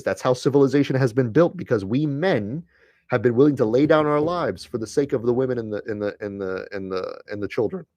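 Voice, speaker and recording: A man's voice: medium pitch, a little mellow, no room sound. A man hosting a live stream, giving an earnest, preachy monologue that repeats phrases for emphasis and speaks bluntly to his listeners. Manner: addresses listeners directly and bluntly. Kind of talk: impassioned monologue to viewers.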